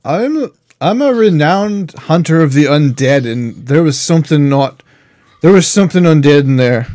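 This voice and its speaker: A man's voice: a little high, animated, moderate pace, dark tone, dry recording, clean studio sound. A man playing a tabletop game, talking casually and bossing others in character. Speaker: player.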